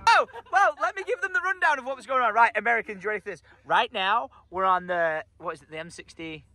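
High, lively man. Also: quick pace, no room sound. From England. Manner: joking and teasing, lively. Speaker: vlogger and host. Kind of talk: casual chat. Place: inside a car in traffic.

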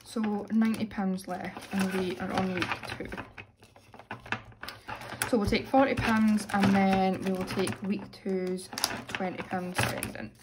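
A young British woman who vlogs about budgeting chats casually while cash stuffing, counting out money for her weekly budget aloud and narrating what she's doing. She's slightly hoarse, as if losing her voice, and speaks slowly in a mid-range, level tone against background noise.

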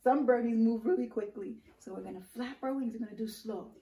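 A woman leading a preschool circle-time lesson, with an encouraging sing-song manner, speaking slowly and clearly to young children. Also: on the high side, dark tone, echoey room, recorded from a distance, poor audio. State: out of breath. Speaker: preschool teacher.

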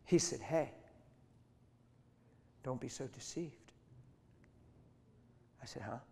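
A man's voice: mid-range voice, takes it slowly, creaky, a little hiss or hum. A middle-aged man preaching a sermon, telling a story with energy and acting out the voices of other people. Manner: animated storytelling, acts out voices. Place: large hall with long reverb. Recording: reverberant hall.

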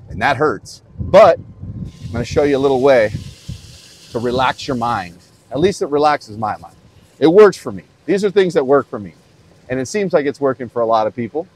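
A man's voice: mid-range voice, animated, normal speed, breathy edge. A man teaching golf outdoors on a course in a casual, upbeat, plain-spoken way, talking straight to the viewer. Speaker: golf instructor.

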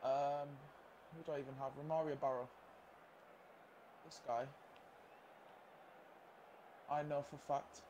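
A young man giving excited, pleading live commentary on his own football management game, swinging between despair and cheers. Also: fairly high pitch, takes it slowly, pauses often, lo-fi sound, slight background noise. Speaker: gaming YouTuber.

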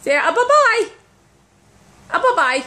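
A woman's voice: very high voice, sing-song, a little slow, pushed and bright. A woman talking baby-talk to her pet parrot at home, coaxing and repeating short questions in a sing-song way. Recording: home video with clear background noise.

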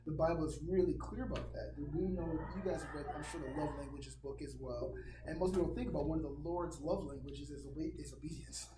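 A pastor with a voice on the high side teaches a worship class in a loose, joking, conversational style, tossing in quick acted-out voices. The room echoes, he sits far from the mic, and a crowd of listeners surrounds him.

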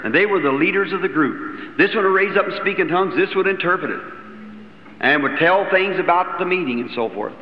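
A man preaches in a folksy, chuckling storytelling manner, acting out the voices in his tale. His voice sits fairly high and rings through a large hall. The recording is dull and lo-fi, like an old tape, with faint hiss underneath. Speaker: evangelist preacher. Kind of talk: sermon storytelling. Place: church meeting hall.

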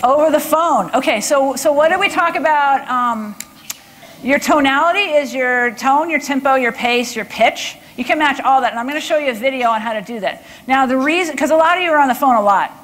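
A woman from Texas giving a lively conference talk to an audience, taking questions and often checking in with "okay?". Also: sits high, a little fast. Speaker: body language speaker.

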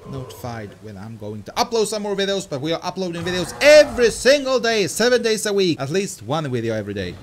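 A man hosting a let's-play, reacting excitably, swearing casually and chattering to the creature in the game. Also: fairly high pitch, a little hiss or hum. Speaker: gaming channel host.

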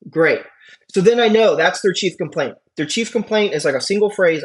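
A man, a paramedic instructor, giving a conversational classroom lecture. He often checks in with "right?" and "okay?" and acts out quick exchanges with patients. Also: sits high, expressive.

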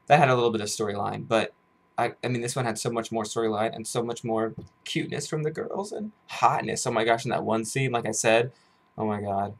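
A young man from the United States reacting to a music video on his vlog, gushing with loud bursts and hushed awe. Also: mid-range voice, a little fast, gravelly. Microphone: headphones on, camera mic.

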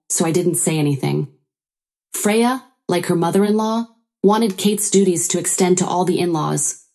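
A woman's voice: lowish voice, mellow. A woman narrating a first-person story in an earnest, sorrowful way.

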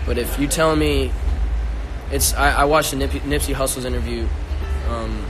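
A man's voice: medium pitch, steady tone, normal speed. A young man on a casual live stream, a musician talking loosely in slang on his phone. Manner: slangy and loose, raps and sings along. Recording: loud music playing behind.

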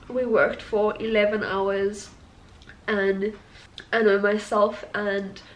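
A young woman at home talking in a personal vlog, tearful and halting after a long day of crying, laughing through her tears. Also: on the high side, slight background noise, rough recording. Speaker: vlogger, tattoo studio owner.

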